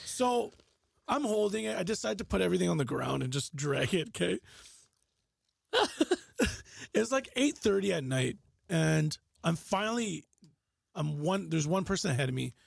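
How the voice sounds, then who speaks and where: A man with a strongly gravelly, husky voice sits at a podcast mic. He tells an animated, profane story and keeps pushing to finish it. His voice sits fairly high, and the sound is close and dry. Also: normal speed, pauses often, no echo. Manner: animated storyteller, swears freely, insists on finishing. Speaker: podcast panelist telling a story. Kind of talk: casual podcast banter.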